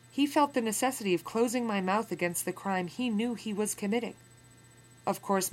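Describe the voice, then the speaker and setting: A woman reading a memoir aloud in a lesson, pausing for relaxed explanatory asides. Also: lowish voice. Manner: clear reading, then relaxed asides with fillers. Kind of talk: reading aloud with casual commentary.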